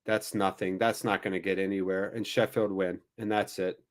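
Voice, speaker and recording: Low-voiced man commentating a football watchalong. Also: flat delivery, moderate pace. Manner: wry, self-deprecating live commentary. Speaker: watchalong host.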